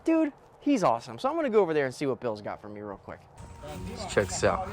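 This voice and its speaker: Music plays in the background as a young man, voice on the high side with huge pitch swings, narrates his casual vlog at a moderate pace. He's building on rural land and speaking slangily into a handheld camera.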